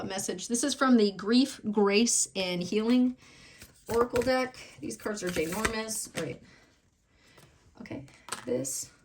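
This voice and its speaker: A woman doing a casual tarot reading, talking emotionally with many fillers, restarts and exclamations. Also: medium pitch. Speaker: tarot reader.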